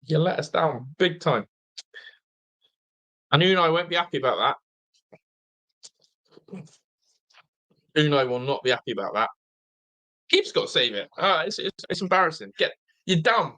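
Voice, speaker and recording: A man's voice: on the high side, lively intonation, moderate pace, long pauses, pushed and bright. A man from England hosting a live fan watch-along, chatting loosely, reading viewer comments and grumbling at the team, sounding half asleep. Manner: chatty, reads out viewer comments, swears mildly.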